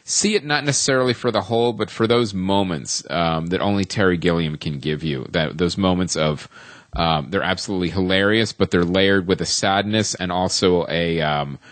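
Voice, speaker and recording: A man's voice: deep voice, moderate pace, a bit bright, dry recording. A man co-hosting a film podcast, reviewing a movie in casual chat, rambling with many ums and restarts.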